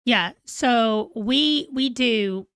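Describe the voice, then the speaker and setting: A woman's voice: on the high side, very slow, fairly bright tone, no echo, clean studio sound. A woman in her forties, chatting casually and rambling to viewers on a live stream. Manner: rambling, chatty, self-deprecating. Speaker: book vlogger.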